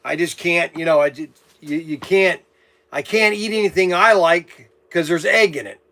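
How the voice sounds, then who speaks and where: High-voiced man grumbling through a rambling story. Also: moderate pace, pushed and bright. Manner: meandering storyteller, grumbling asides. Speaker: hobby channel host. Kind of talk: casual rambling monologue to camera.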